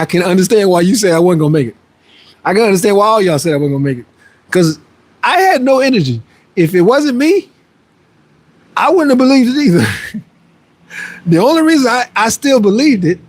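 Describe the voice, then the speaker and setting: A man hosting a casual fitness livestream, reading viewer messages aloud and answering them in an upbeat, motivational and playfully boastful way. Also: high voice. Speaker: fitness streamer and trainer.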